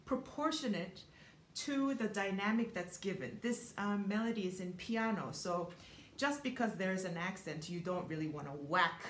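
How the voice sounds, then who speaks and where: A woman's voice: medium pitch, moderate pace, a little hiss or hum. Woman pianist teaching, roomy sound. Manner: thoughtful, many ums, sings rhythms aloud. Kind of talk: piano masterclass explanation. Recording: roomy echo with piano playing.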